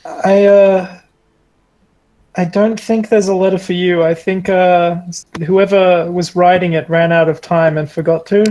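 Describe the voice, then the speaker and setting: A man's voice: high-pitched, flat delivery, unhurried, a little mellow. A man co-hosting an improvised comedy podcast, dry and matter-of-fact with a playful edge. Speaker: podcast co-host.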